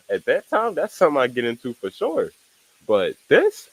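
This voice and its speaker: With a voice on the high side and huge pitch swings, a young man rambles through casual reaction commentary on his stream at normal speed. He leans on slang, keeps repeating "you know what I'm saying," and laughs at his own asides, all on a low-quality recording.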